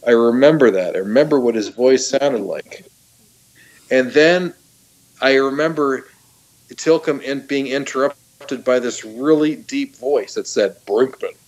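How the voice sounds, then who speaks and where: A middle-aged man, a talk show guest, excitedly retelling a personal story with frequent laughs, restarts and fillers. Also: mid-range voice, a little slow.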